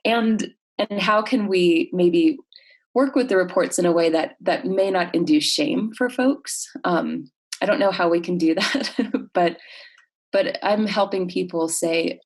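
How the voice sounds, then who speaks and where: A woman who works as a counselor describes her job in a relaxed interview. She speaks with a fairly low pitch, pausing to think, using many fillers and starting sentences over.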